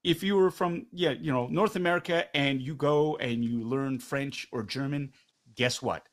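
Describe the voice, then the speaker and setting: A middle-aged man speaks as an interview guest. His pitch sits in an ordinary middle range, and he argues with energy, throwing out rhetorical questions and tagging his points with "right?". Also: normal speed. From Canada. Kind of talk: candid conversational interview.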